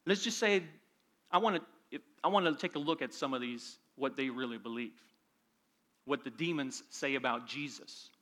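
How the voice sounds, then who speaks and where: A man's voice: mid-range voice, moderate pace, a bit bright. A man preaching a sermon, reading scripture aloud and pressing his points with emphatic force. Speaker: pastor.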